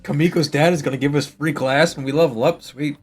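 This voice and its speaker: A man's voice: fairly high pitch, steady tone, a little fast, faint music behind. A man playing in a tabletop game who makes dry wisecracks in casual chat. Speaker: player.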